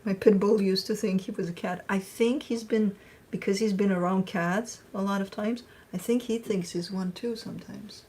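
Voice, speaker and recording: A woman talks in a loose, casual live-stream chat with a husky, slightly breathy tone. Her delivery is playful and chatty. She now and then drifts into baby talk. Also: mid-range voice, fairly even intonation, normal speed, a little mellow. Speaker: tarot reader.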